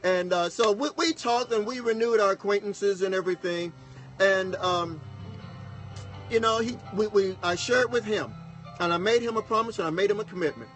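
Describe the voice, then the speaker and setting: High-voiced folksy man telling a story. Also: moderate pace, fairly bright tone, faint music behind. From Texas. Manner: folksy, repeats "okay?" to the audience. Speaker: pastor and broadcast host. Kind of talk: casual personal storytelling.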